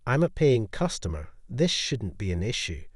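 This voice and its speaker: A man's voice: medium pitch, sing-song, moderate pace, husky, no echo, studio quality. A man voicing a haughty, demanding actress with clipped, disdainful lines in an audio story.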